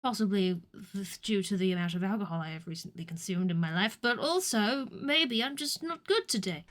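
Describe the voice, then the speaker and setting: A woman streamer chatting casually over a game, self-mocking and prone to sudden loud shouting. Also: mid-range voice, animated, brisk. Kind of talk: casual gameplay commentary. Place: home.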